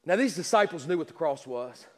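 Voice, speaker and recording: A male preacher with a voice on the high side sounds animated as he delivers a sermon in a large church hall. He repeats himself emphatically, asks rhetorical question after rhetorical question, and stammers over quick restarts.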